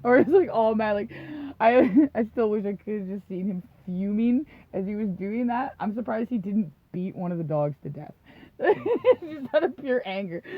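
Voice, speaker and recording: A female podcast co-host with a medium-pitched voice and lively intonation speaks at a moderate pace, telling profane, rambling stories in casual chat. She often laughs and acts out what people said. The recording is dull, lo-fi and dry.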